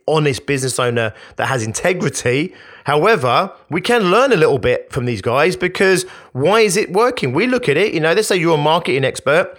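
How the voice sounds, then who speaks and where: A man giving a motivational talk on marketing as a business coach, energetic and emphatic, asking rhetorical questions. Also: medium pitch.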